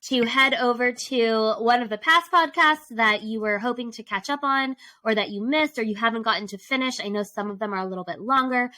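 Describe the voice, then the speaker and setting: A woman's voice: on the high side, a little fast, few pauses, sharp tone, poor audio. A woman co-hosting a podcast in a casual chat, chatty and laughing often. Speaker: podcast co-host.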